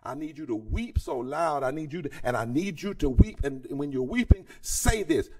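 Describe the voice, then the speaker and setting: A man's voice: a little high, expressive, a little fast, gravelly, hardly any pauses, a little mellow, breathy edge. Impassioned preacher man, far from the mic. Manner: impassioned preaching that climbs to near-singing, calls out to the audience. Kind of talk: sermon-style conference address. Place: large conference hall.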